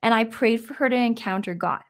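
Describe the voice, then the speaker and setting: A woman's voice: fairly high pitch, brisk. A young adult woman, a daughter and podcast guest, speaking earnestly about faith and family, with many "like" fillers. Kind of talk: reflective conversational sharing.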